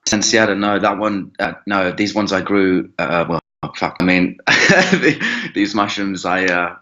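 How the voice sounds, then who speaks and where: A man telling a long personal story as an interview guest, rambling and halting, with frequent restarts and swearing. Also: deep voice, lively intonation, bright, forceful tone. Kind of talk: casual storytelling. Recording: dull lo-fi recording.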